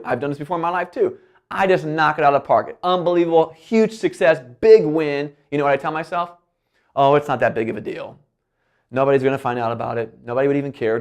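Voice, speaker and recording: A man giving a motivational keynote talk, animated, often acting out quoted voices and his own self-talk. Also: a little high. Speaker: keynote speaker.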